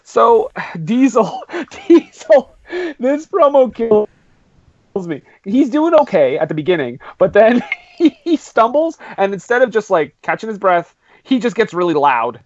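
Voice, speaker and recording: A man hosting a casual podcast chat, excitable and laughing often. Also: high-pitched, unhurried, no echo, highs cut off. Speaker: podcast host.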